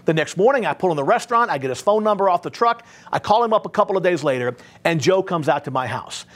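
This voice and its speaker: A man's voice: high-pitched, lively intonation, fast talker. A man giving a motivational sales training talk to service contractors, telling stories emphatically and often checking in with "right?". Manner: emphatic storyteller, tags points with "right?".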